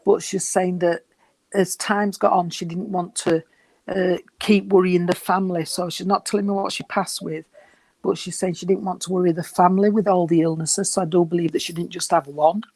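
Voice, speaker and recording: Guy doing a medium reading, soft and reassuring, a bit out of breath, dry sound. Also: high-pitched, level tone, normal speed, gravelly, no echo. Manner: gentle, reassuring, calls people sweetheart. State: short of breath. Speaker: spiritualist medium. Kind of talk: giving a reading at a service.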